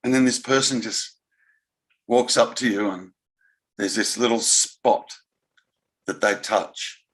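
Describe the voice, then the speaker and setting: A man giving an unhurried spiritual talk, pausing often and musing gently. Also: on the low side. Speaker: spiritual teacher. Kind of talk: slow reflective talk.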